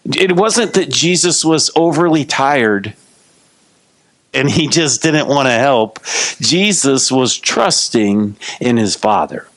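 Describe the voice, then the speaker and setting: A man's voice: mid-range voice, lively intonation, takes it slowly, a bit bright. A male pastor preaching a sermon in a casual, playful storytelling manner.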